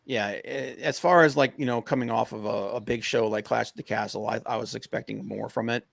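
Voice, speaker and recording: Man, podcast co-host, gravelly, rambling, filler-heavy, excitable, dry recording. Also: medium pitch, brisk, dry recording. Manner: rambling, many fillers, gets excited and rants. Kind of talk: casual wrestling podcast chat.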